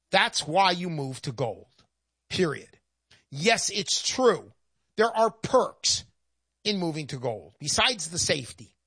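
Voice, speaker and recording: Woman presenter, folksy and emphatic, sarcastic asides; lively, swooping delivery. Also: medium pitch, no echo, clean studio sound. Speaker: presenter pitching gold investment. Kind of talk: persuasive sales monologue.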